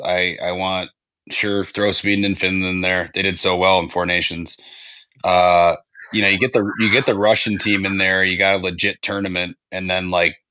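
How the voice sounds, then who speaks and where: Hosting a sports podcast, a man rambles through casual chat, swearing freely and correcting himself. He has a low, bright voice with a forceful tone, recorded dry.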